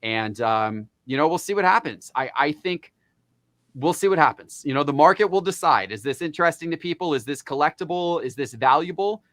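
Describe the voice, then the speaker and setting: Guy on a podcast explaining stuff, kinda higher voice, measured, dry sound. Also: expressive, a bit bright, no echo. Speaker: podcast guest, card investing show host. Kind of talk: casual conversational interview.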